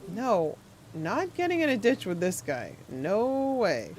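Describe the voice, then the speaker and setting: A woman's voice: mid-range voice, slow pace. Chatty woman game streamer. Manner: chatty and animated. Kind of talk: casual live-stream commentary.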